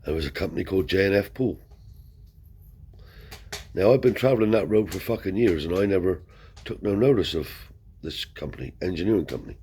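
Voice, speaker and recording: A man's voice: low-pitched, lively intonation, a little fast, mellow, slight background noise. A man telling a rambling story in broad colloquial speech, swearing freely as he goes. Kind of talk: casual spoken anecdote.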